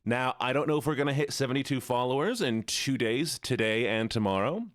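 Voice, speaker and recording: A man's voice: medium pitch, lively intonation, fairly quick, no room sound, studio quality. A man streaming live, chatting casually with viewers in a rambling, self-correcting way.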